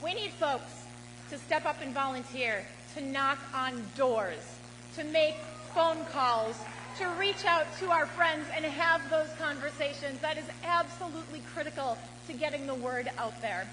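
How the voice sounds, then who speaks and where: A woman's voice: high voice, unhurried. A woman from Wisconsin, a politician giving a rousing campaign rally speech and leading the crowd in call-and-response. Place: large hall at a campaign rally. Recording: reverberant hall with loud crowd noise.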